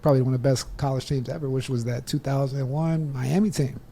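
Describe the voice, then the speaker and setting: A man in his thirties hosting an interview, relaxed and chatty, laughing easily. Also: mid-range voice, fast, creaky. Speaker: interview host. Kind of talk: casual interview talk.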